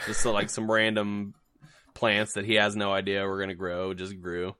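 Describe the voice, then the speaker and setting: A man's voice: on the low side, completely flat delivery, normal speed, sharp tone, smooth. A man co-hosting a podcast in casual chat, joking loosely with many restarts and fillers. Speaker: podcast co-host.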